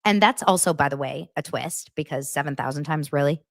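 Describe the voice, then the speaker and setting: A woman's voice: sits low, a little fast, creaky, no echo, clean studio sound. A woman hosting a podcast, recapping reality TV in a sarcastic, exasperated way. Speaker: podcast host.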